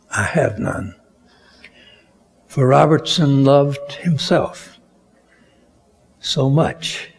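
Slow, gravelly preaching man. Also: mid-range voice, darkish tone. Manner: slow, deliberate preaching with rising emphatic peaks. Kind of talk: sermon.

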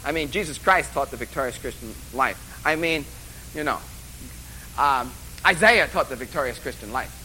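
A man's voice: medium pitch, animated, moderate pace, bright, forceful tone, a little hiss or hum, rough recording. Joking, rambling male lecturer. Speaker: college instructor. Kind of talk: course orientation lecture. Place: classroom or lecture hall.

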